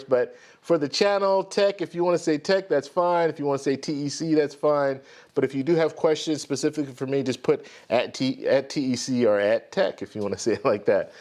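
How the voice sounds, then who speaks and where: A man hosts a casual live stream and calls out greetings to viewers one name after another. His voice sits at an ordinary middle pitch. He rambles and restarts his sentences as he tells his story. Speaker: host of a live stream credit card show.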